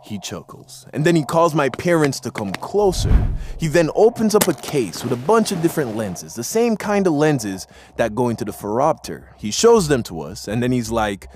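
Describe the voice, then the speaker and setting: A man's voice: medium pitch, very animated, moderate pace, noisy background. A man casually telling a story from his own life in slangy talk, acting out the people in it. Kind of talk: animated storytime narration.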